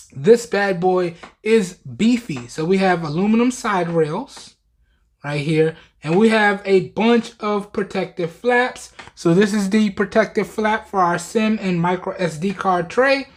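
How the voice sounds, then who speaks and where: Tired guy doing a chill phone review, voice kinda worn, talks to viewers like friends. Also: high voice. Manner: chatty, addresses viewers directly as y'all. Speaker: tech reviewer. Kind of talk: casual product review.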